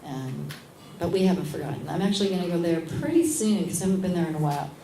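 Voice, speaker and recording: Lively storytelling woman, echoey room. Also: on the low side, fast talker, crowd noise. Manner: animated, acts out other people's lines. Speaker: guest, midwife. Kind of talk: casual storytelling at a live interview. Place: event space at a lunch gathering. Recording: echoey room with background noise.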